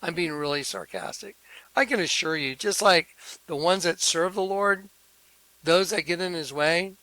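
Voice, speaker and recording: A man's voice: high voice, normal speed, sharp tone, no echo, low-quality recording. A man ranting sarcastically and combatively to his viewers, repeating himself and using preachy religious language. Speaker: video host. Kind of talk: ranting monologue to camera.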